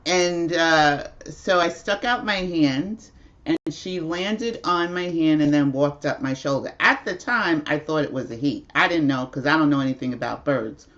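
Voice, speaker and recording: A woman's voice: low voice, unhurried, muffled recording. A woman hosting a casual livestream at home, telling a rambling story with frequent laughs. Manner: chatty, rambling, laughs often. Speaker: livestream host.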